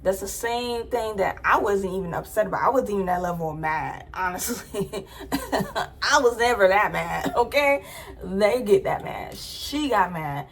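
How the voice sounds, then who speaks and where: A woman's voice: medium pitch, a little hiss or hum. A young adult woman vlogger telling a personal story in a casual, chatty way, full of "like" fillers.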